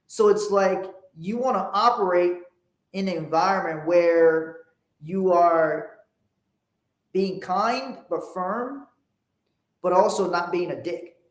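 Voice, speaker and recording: High-voiced man in an echoey room. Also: slow. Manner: rambling, restarts often, animated when telling stories. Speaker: podcast host. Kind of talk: casual motivational talk.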